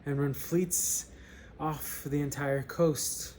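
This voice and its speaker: A man's voice: fairly high pitch, steady tone, slow pace, a little mellow, slight background noise. A man voicing a persuasive economist while reading a story aloud. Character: pushy adult male economist.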